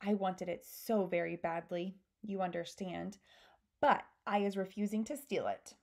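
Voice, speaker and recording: A woman doing a gentle, clumsy-talking friendly giant. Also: medium pitch, a little slow. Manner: gentle, ungrammatical, invents odd words. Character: big friendly male giant, gentle, mangled grammar.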